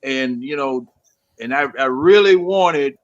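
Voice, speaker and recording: A man co-hosting a casual sports talk show, rambling and quick. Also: mid-range voice, highs cut off. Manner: rambling, lots of fillers and restarts, quick. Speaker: podcast co-host.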